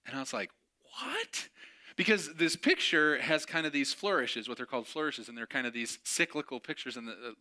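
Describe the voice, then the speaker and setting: Chatty storytelling man, bright voice. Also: medium pitch, quick pace, few pauses. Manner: chatty, self-mocking, acts out dialogue with laughs. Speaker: pastor. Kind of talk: sermon storytelling.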